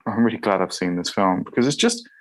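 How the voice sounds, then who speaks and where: A man co-hosting a film podcast in relaxed, jokey casual chat. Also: on the low side, fast talker, poor audio. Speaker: podcast co-host.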